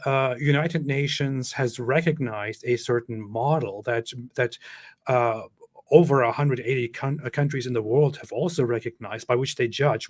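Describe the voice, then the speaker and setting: A man with a German accent explaining a legal definition point by point in a casual online discussion. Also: medium pitch. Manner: explanatory, walking through a chart. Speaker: co-host.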